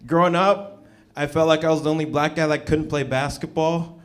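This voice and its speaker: A young man doing a stand-up set at an open mic, with a loose, halting delivery full of ums. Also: a little high, steady tone. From Canada. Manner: laid-back, halting delivery with many ums. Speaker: stand-up comedian. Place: small comedy venue with a live audience.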